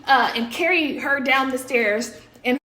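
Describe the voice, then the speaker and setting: In an echoey room, a high-voiced woman in her thirties from the US tells her viewers a story at an unhurried pace. The casual retelling turns animated and breathless whenever she reenacts her own panicked moments with shouts.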